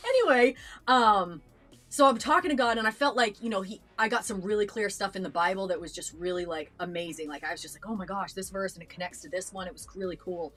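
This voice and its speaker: Woman, young adult, earnest storytelling, fillers and restarts, mid-pitched voice, faint music behind. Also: fairly quick, fairly bright tone. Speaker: reaction channel co-host. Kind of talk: casual chat.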